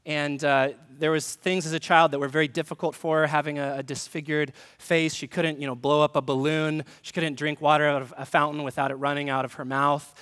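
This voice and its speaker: A man's voice: on the high side, level tone, brisk, few pauses, a bit bright, long reverb tail. A man, a pastor, giving a conversational sermon with humor and direct questions to the congregation. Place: church sanctuary.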